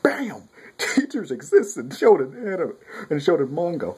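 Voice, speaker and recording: A man giving a rambling, profane, casual manga review, talking loud with a clogged ear and often restarting his sentences. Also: on the high side, wildly swooping pitch, a little slow, slight background noise. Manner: rambling, profane, self-interrupting.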